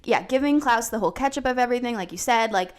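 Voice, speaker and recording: A woman co-hosting a podcast in casual chat, talking with lots of fillers and animated retellings. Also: fairly high pitch, fast talker, clear, resonant tone. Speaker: podcast co-host.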